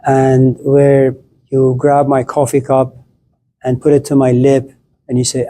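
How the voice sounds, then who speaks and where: A man's voice: mid-range voice, completely flat delivery, moderate pace, warm tone, a little hiss or hum. A middle-aged man lecturing to a class, playful and acting out little scenes as he talks.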